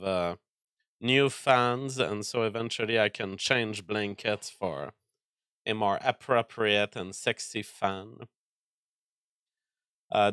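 A man's voice: lowish voice, bright, forceful tone, no room sound, clean studio sound. A man hosting a casual livestream, answering chat with mock-angry, profane rants and stammering restarts. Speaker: livestream host reading chat.

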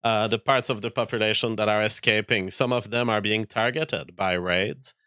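A man streams casual political commentary and reads out chat messages. He talks quickly, full of fillers and restarts. His voice is bright and smooth, recorded dry and close. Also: on the low side, fairly even intonation, no echo. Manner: fast, filler-heavy, halting restarts.

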